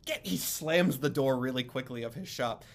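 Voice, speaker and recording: A man narrating as game master of a tabletop game, explaining rules in a relaxed way with many fillers. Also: mid-range voice, moderate pace.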